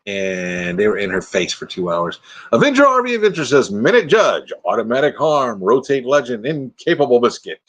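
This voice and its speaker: There's a sing-song lilt and a fairly bright tone to this medium-pitched host, who talks at a moderate pace. Retired, middle-aged or older, he livestreams casually from his RV, reading viewer comments and joking along.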